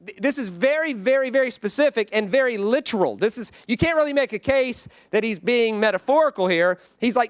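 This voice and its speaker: Man, preacher, church sermon, conversational, high voice, dry close sound. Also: lively intonation, moderate pace, clear, resonant tone, dry recording. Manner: conversational, keeps asking "right?". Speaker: guest preacher.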